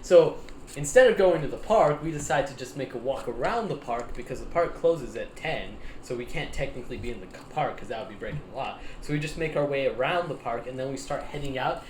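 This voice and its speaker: A young man casually telling a story to friends on a podcast, animated, laughing often and acting out the people in it. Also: mid-range voice, brisk, a little hiss or hum. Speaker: podcast host. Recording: echoey room with faint ambience.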